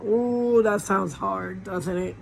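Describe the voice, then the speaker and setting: A woman pastor giving an informal sermon from a small warm room with a fan running, preaching conversationally with rhetorical questions. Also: medium pitch, takes it slowly, vocal fry, slight background noise, low-quality recording.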